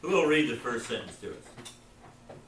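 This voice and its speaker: Male teacher, encouraging, drills pronunciation; bright tone, roomy distant mic. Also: medium pitch, very animated, a little slow, slight background noise. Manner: encouraging, repeats words for the class to echo. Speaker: Greek teacher. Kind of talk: classroom lesson, drilling pronunciation. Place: classroom. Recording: roomy classroom, recorded from afar.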